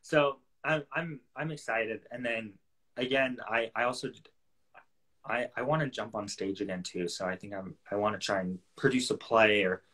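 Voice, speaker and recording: A young man, an actor guest, chatting casually on a video call interview, soft-spoken and hesitant, often restarting his sentences. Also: lowish voice, moderate pace, breathy edge.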